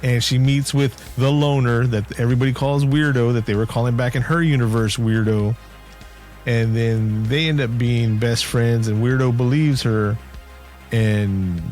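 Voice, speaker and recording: A man's voice: medium pitch, darkish tone. Easygoing man recapping a movie. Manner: rambling storyteller, jokey asides. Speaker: podcast co-host. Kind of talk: casual movie recap chat.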